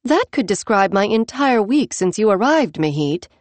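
A woman reading an audiobook voices a quick-witted young female official with a higher, brighter and livelier delivery than her narration. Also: very animated, dry recording, close to an everyday voice. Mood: teasing.

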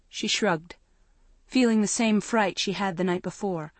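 Slow-reading woman narrator. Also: mid-range voice, no room sound. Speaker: audiobook narrator. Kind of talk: scripted narration.

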